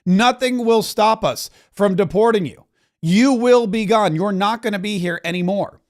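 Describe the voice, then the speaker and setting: Man, podcast host, high voice, impassioned, repetitive, political commentary. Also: moderate pace. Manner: impassioned, repetitive, restarts mid-sentence.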